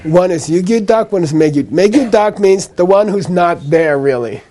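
A man with a high-pitched, dark-toned voice and lively intonation teaches a live class on Buddhist ideas at a moderate pace. He explains patiently with a light laugh, repeats the key points, and checks in with "okay?" after each one.

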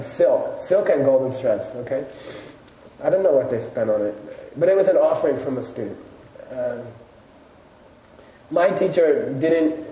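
A man's voice: mid-range voice, dark tone. A man teaching a live audience, chatty and storytelling, with loose fillers, recorded from a distance in an echoey room. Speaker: Buddhist teacher. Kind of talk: casual lecture to a live audience. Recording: echoey room, distant mic, faint noise.

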